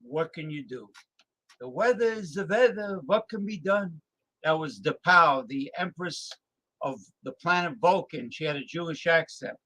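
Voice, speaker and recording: Slow, rambling talk show host man. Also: fairly high pitch, animated, pushed and bright, poor audio. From New Jersey, USA. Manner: rambling, full of hesitant fillers. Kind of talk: casual talk show chat.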